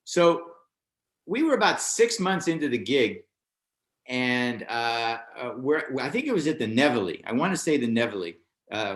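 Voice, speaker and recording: A man's voice: medium pitch, fairly bright tone, reverberant. An older man, a stand-up comedian, telling a show-business anecdote in a casual interview and acting out other people's lines in a raised voice.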